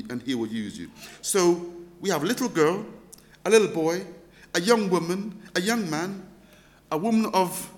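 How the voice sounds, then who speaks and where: A man, a pastor, telling a story in a humorous, animated sermon. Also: high-pitched.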